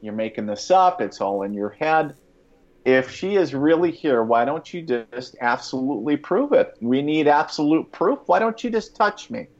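A man's voice: fairly high pitch, lively intonation, normal speed, dull audio, pitched above the performer's own voice. A man doing his nagging skeptical ego. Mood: needling.

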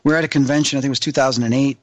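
A man's voice: medium pitch, rapid-fire, dry recording. A man, a guest in an interview, telling a story with lots of fillers and acting out the voices of the people he quotes. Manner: animated, acts out quoted voices, rambling with many fillers. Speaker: paranormal investigator guest.

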